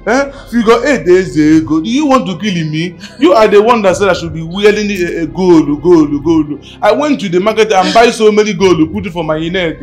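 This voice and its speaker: Man as loud Nigerian big spender, high voice, brags and repeats himself. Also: normal speed, hardly any pauses, soft background music, lightly acted. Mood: boastful. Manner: boastful, repeats words, pidgin-flavored English. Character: flashy rich man boasting of money. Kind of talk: film acting.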